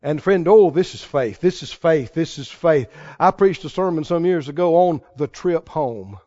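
A man's voice: on the high side, animated, moderate pace, warm tone, lo-fi sound. A male preacher delivering a fervent sermon, calling out to the congregation and stressing his points.

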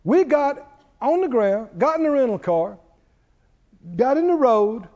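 High-voiced preaching man, lively. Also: measured pace, lo-fi sound. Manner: preaching with call-and-response to the congregation. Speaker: pastor. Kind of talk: sermon.

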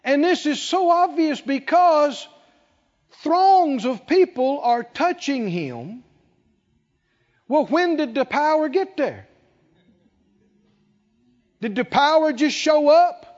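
A man's voice: extremely high pitch, lively intonation, a little mellow. A man preaching a sermon, emphatic and rhetorical, stretching out key words. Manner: emphatic, rhetorical questions, drawn-out stresses. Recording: dull sound with long hall reverb.

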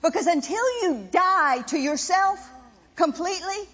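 High, lively woman preaching. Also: unhurried. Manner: impassioned, emphatic, repetitive preaching. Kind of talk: sermon. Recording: dull sound with long reverb in a hall.

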